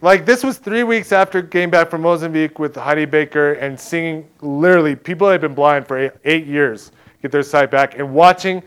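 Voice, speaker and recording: Guy preaching a casual testimony, kinda high voice, chuckles a lot. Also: fairly bright tone, clean tone. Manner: casual storytelling, laughs often. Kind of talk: conversational sermon testimony.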